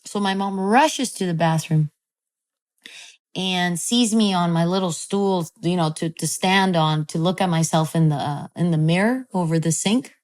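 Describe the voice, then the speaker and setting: Animated woman guest telling a story. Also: lowish voice, moderate pace. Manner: animated, swears freely, many fillers. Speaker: guest, film director. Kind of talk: casual storytelling in an interview.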